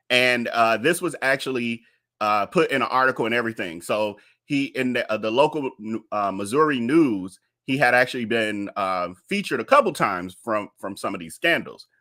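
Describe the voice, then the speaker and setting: A man talks through a casual live stream to his viewers, chatty and full of fillers. His voice sounds bright and forward. He speaks into a desk mic. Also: medium pitch. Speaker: host.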